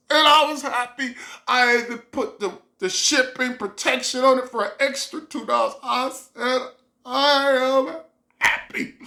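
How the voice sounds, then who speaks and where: A woman vlogger telling a comic story in loose, repetitive casual phrasing, breaking into animated exclamations. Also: a little high, echoey room.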